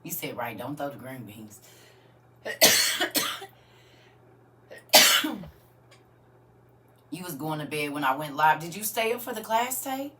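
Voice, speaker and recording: Woman with a low voice hosting a live stream, laughing a lot and answering comments, faint noise behind. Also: very animated, slow, long pauses, bright, forceful tone. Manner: chatty, laughs often, answers viewer comments. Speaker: livestream host. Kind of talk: casual livestream chat with viewers.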